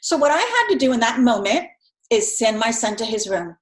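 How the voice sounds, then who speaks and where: Sing-song and a little high, a middle-aged woman instructor lectures fairly quickly, keeping it conversational and tossing in "right?" again and again. Her recording comes from an echoey room and the audio is poor.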